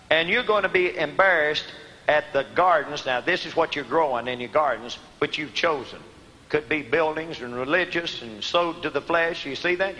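A man preaching a sermon, asking his listeners questions and answering them himself, swinging from emphatic outbursts to quiet, low asides. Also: muffled recording. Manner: rising to emphatic shouts on key words, then dropping low. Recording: long hall reverb.

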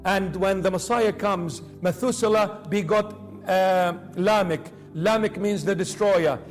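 A man preaching a sermon with passion, rising to urgent appeals and dropping to hushed pleading. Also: sits high, measured pace. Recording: faint music behind.

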